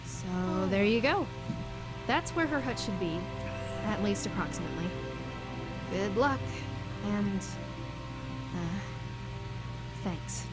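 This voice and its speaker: A woman voicing a young woman in a game, talking in an earnest, hesitant way over loud game music. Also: medium pitch, lively intonation, slow, pauses often, low-quality recording. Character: young woman worried about her estranged mother. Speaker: game character. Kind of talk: voiced game dialogue.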